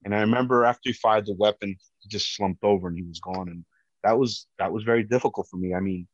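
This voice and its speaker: Loud-voiced man, deep and dry. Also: quick pace, no room sound. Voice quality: big, loud voice. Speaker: police officer telling his story. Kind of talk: personal testimony. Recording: dull, dry lo-fi recording.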